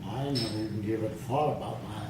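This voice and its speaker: A man's voice: on the low side, fast. An older man, a grandfather, with a worn voice, telling family stories with dry, wry humor. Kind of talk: casual family chat. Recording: echoey room with faint noise.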